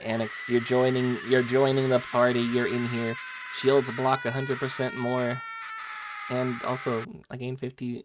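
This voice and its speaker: A man's voice: medium pitch, background noise. A young man streaming a game, chatting playfully with his viewers as he plays, on a headset mic. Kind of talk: casual live game-stream chat with viewers.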